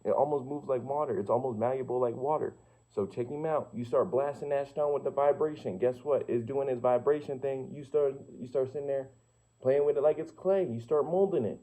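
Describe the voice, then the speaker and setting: A young male vlogger rambles casually in a loose, slangy, profane monologue, tossing out rhetorical questions and asking "you feel me." His mellow, medium-pitched voice runs a little fast. The lo-fi recording sounds slightly muffled.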